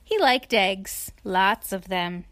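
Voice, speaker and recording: A woman reading a children's story aloud in an expressive, playful way, adding asides to her listener. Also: medium pitch, slow pace, no room sound.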